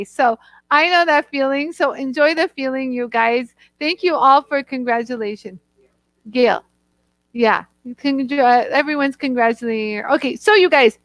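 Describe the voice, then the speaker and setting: High-voiced chatty woman hosting live. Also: no echo. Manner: warm and chatty, talks straight to viewers in the chat. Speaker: host of a live product show. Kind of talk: chatty live-stream product demo.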